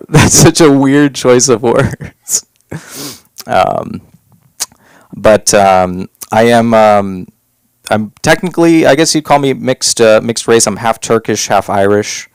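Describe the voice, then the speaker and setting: Rambling young man doing stand-up. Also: no echo. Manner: rambling with fillers, jumps to loud high bits. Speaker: stand-up comedian. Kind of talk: stand-up comedy set. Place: comedy club stage.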